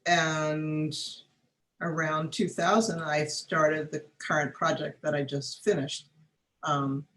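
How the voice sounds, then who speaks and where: Woman guest, thoughtful and pausing, echoey room, video call. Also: deep voice, little pitch movement, a bit bright. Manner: thoughtful, pausing with frequent fillers. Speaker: guest artist. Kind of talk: conversational interview.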